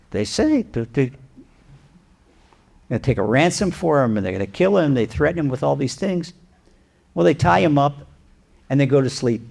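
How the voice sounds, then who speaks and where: Gravelly rabbi telling a sermon story. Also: male voice, a little high. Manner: animated, rhetorical questions.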